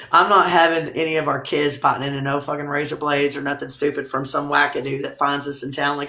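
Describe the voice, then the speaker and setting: Woman, livestream host, casual rambling chat, frequent laughs, fry in the voice, roomy echo. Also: deep voice, brisk, fairly bright tone.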